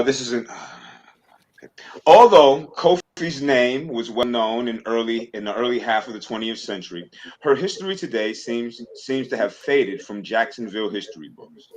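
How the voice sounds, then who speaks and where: A man hosting a livestream, hesitant and full of fillers, then reading a passage aloud. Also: on the low side. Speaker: livestream host.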